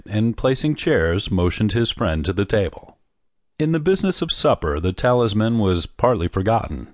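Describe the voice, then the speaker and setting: Deep-voiced man narrating a classic tale. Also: dry recording, clean studio sound. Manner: measured storytelling. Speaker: audiobook narrator. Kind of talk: scripted narration.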